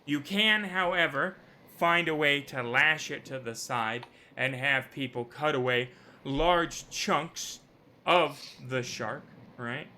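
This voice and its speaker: A man's voice: fairly high pitch, slow pace. A man running a tabletop game as game master, joking and explaining the rules. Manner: animated, jokey, rules-minded. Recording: live stream with faint background noise.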